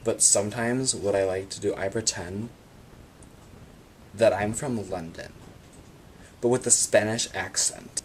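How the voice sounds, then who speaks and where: A man telling absurd comic stories about his free time in a deadpan monologue. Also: fairly low pitch, measured pace, pauses often, a little hiss or hum. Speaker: vlogger.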